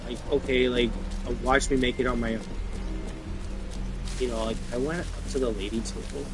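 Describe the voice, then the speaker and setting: A man's voice: medium pitch, little pitch movement, normal speed, music in the background, low-quality recording. A man telling personal stories in a long, rambling monologue, full of fillers and swearing. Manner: rambling, filler-heavy, profane. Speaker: vlogger.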